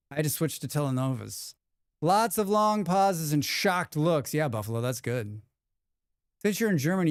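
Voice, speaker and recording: A man's voice: medium pitch, smooth, no room sound, clean studio sound. A young man chatting casually on a live stream, rambling and reading chat messages aloud, now and then swearing. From United States.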